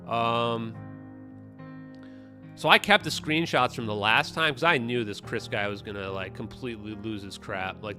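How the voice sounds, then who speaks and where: A man's voice: mid-range voice, bright, forceful tone. A man hosting a livestream, ranting in a casual, profane, dismissive way and talking straight to his chat. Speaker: livestream host. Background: synthwave music.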